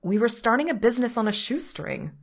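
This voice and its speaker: A woman's voice: on the high side, very animated, fairly quick, creaky, voice pushed up, exaggerated voice. A woman voicing a flustered, earnest young man who bakes for a living, speaking emphatically. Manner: emphatic, apologetic.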